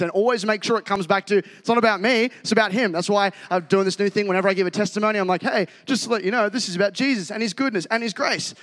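Male pastor, high voice, energetic casual sermon, reverberant church hall. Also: fast, few pauses. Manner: energetic, climbing to shouts when fired up.

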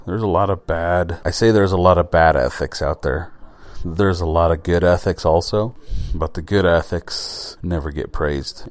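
A man hosts a podcast on his own, in a loose, rambling monologue. His voice sits low and deep. He speaks bluntly and drops the odd swear word. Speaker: podcast host. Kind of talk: casual solo monologue.

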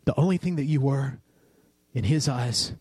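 A man's voice: mid-range voice, moderate pace, a little mellow, slightly rough, no room sound. A man preaching a sermon, mixing playful storytelling and jokes with earnest, heartfelt exhortation. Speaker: pastor.

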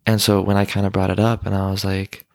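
A man's voice: deep voice, level tone, quick pace, creaky, no room sound, studio quality. A young man in casual podcast chat with his mother, rambling with lots of fillers. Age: young adult. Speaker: guest, son of host.

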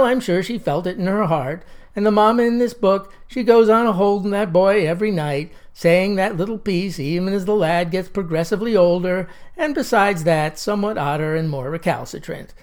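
A woman's voice: fairly low pitch, a little mellow. A woman telling a comic story in a wry, folksy, drawling manner. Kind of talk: comic monologue.

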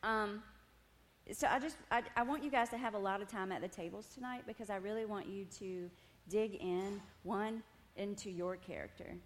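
A woman's voice: medium pitch, normal speed. A woman giving a personal testimony to a group at tables, telling her story animatedly with laughter and frequent asides to the room. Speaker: women's ministry speaker.

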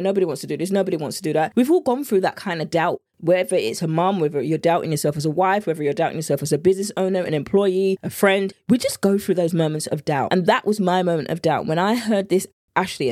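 A British woman with a lowish, darkish voice hosts her own solo podcast as a meal planning coach. The studio-quality recording has no echo, and she talks in an earnest, heartfelt, chatty way.

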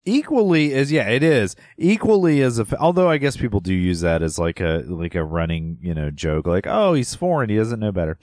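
A man with a lowish voice, co-hosting a relaxed podcast. He rambles and teases in a playful, easygoing way. The recording is dry and close. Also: a little fast, hardly any pauses, no echo. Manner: laid-back, rambling, playful teasing. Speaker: podcast co-host. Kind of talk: casual chat.

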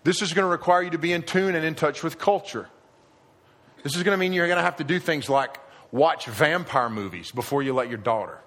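A middle-aged man preaching a sermon to a live audience, animated and acting out quoted voices, growing emphatic. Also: fairly high pitch, a little fast. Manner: animated, rising to emphatic near shouting at the end. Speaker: pastor. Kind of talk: sermon on parenting.

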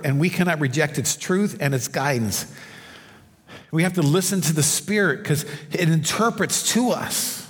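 Man preaching in a reverberant church. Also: on the high side. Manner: conversational preaching with stories and asides. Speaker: pastor. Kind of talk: sermon. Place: church sanctuary under stage lights. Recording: long hall reverb.

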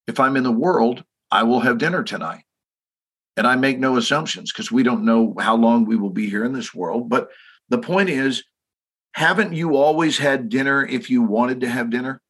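A man's voice: mid-range voice, normal speed, fairly bright tone, breathy edge. A man in his sixties with a Texan accent, a podcast guest telling stories emphatically and asking listeners rhetorical questions. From Texas. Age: 60s. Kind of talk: podcast conversation.

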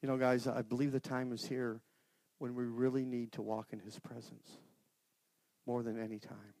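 A middle-aged man giving an informal, earnest sermon to a men's group, swinging from loud outbursts to hushed prayer. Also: mid-range voice, level tone, moderate pace, creaky, dry recording. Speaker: lay speaker at a men's gathering.

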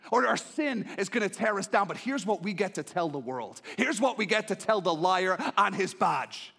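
A high-pitched man delivers an impassioned sermon. He drops to a hush, then climbs to a shout, and he keeps repeating his pleading lines to the congregation. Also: animated, normal speed, creaky. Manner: impassioned, swings from hushed to shouting. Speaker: preacher.

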